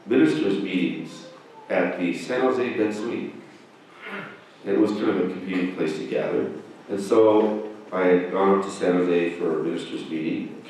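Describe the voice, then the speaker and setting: A middle-aged man, a guest minister, giving a humorous dharma talk full of anecdotes and mimicking people in high voices. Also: darkish tone. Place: temple hall. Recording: echoey temple hall from far off, faint noise.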